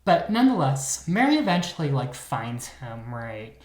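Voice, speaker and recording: A woman's voice: extremely low pitch, sing-song, moderate pace, a little mellow, reverberant. A woman co-hosting a podcast, telling a true crime story in a chatty, sassy way with lots of fillers. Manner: chatty, filler-heavy, dramatic retelling with sass. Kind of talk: casual storytelling chat.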